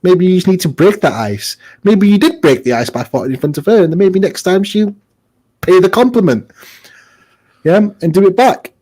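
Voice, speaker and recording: A man's voice: high voice, expressive, moderate pace, warm tone. A man co-hosting a casual advice podcast, joking and acting out little scenes as he talks. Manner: jokey, acts out little scenes. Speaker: podcast co-host.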